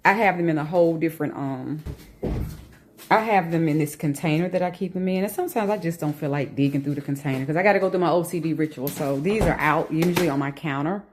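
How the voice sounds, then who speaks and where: A woman vlogger at home talking casually to the camera, animated and emphatic, slipping into rants and laughter. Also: low voice, fast, slight background noise.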